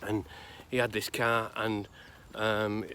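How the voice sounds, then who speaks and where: A fairly low, bright, forceful male voice with little pitch movement rambles outdoors in a cemetery. The grave-visiting vlogger from Salford, England, gives a casual spoken tribute and storytelling, conversational and full of pauses, with outdoor noise behind his voice.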